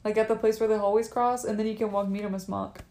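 A teenage girl chatting casually, animated and interjecting, acting out what others said. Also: mid-range voice, fast talker, roomy sound. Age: teens. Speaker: co-host. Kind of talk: casual chat.

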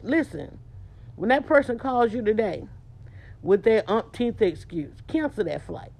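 A woman's voice: mid-range voice, expressive, moderate pace, slightly rough. A woman in a casual monologue, talking in an emphatic, informal way and hammering her points home by repeating them. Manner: emphatic, repetitive preaching tone; informal, slangy talk. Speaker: small business owner.

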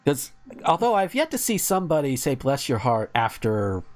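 A man's voice: mid-range voice, normal speed. A man co-hosting a podcast, telling stories in casual chat, swearing and laughing often. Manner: animated, swearing, laughing storyteller. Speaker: podcast co-host.

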